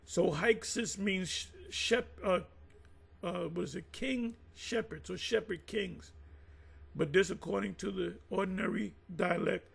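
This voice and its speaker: A man hosting his own channel, giving casual unscripted commentary on Bible history. He reads sources aloud and talks in a rambling, halting way, with restarts, asides and emphatic direct address to his viewers. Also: high voice, vocal fry, fairly bright tone, husky.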